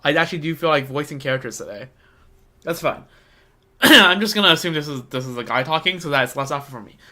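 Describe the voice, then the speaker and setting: A man's voice: on the high side, lively intonation, quick pace, bright, forceful tone. A young man rambling casually while he plays a game, often stammering and repeating words. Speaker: streamer playing a game. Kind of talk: casual gameplay commentary.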